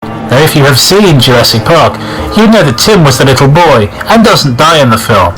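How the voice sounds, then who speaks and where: A man's voice: a little high, sing-song, normal speed, fairly bright tone, soft background music, poor audio. A young man hosting, reading a creepy internet story aloud with dry, joking asides. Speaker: host reading stories.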